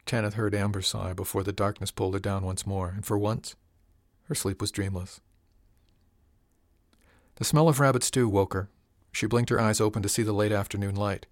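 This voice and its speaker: Low voiced guy reading an audiobook, steady and even, dry close mic. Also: fairly quick, no room sound. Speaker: narrator. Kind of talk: audiobook narration.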